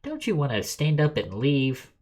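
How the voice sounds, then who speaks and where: Miss Allison, a preachy falsetto coach as a man puts her on. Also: wildly swooping pitch, moderate pace, a little mellow. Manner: sing-song falsetto, lecturing. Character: pushy female self-improvement coach, preachy. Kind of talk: reading game dialogue aloud.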